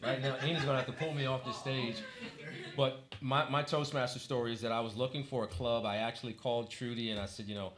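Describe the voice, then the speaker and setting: A man's voice: mid-range voice, flat delivery, fast, crowd noise. A man from Washington, D.C., a Toastmasters club president, giving a motivational speech in a church hall with humorous stories and a preacher-like close. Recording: echoey hall with faint noise.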